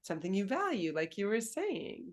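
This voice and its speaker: In an easygoing interview she hosts, a dating and embodiment coach speaks at a middle pitch and is very animated. She reflects as she talks, pausing to find the right words and laughing softly now and then.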